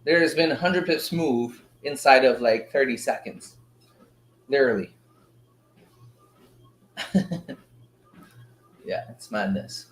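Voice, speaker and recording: A man runs a live forex trading stream in a loose, slangy chat with his viewers. He gets excited as prices move, and his voice sits at a middle pitch. The room around him sounds roomy and echoey. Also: slow pace, pauses often. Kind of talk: casual live trading commentary. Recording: roomy echo.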